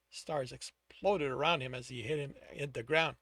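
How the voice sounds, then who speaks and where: A man's voice: mid-range voice, steady tone, moderate pace, a bit bright, dry recording, clean studio sound. A man reading his own novel aloud, stopping to correct himself along the way. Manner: self-correcting as he reads. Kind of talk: audiobook-style reading aloud.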